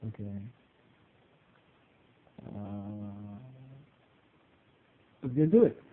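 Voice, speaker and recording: A young man ranting casually to his camera, mocking and swearing, jumping high in pitch when he gets worked up. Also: lively intonation, drawn-out words, a little hiss or hum. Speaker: vlogger. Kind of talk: casual profane rant. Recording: tinny phone-like sound.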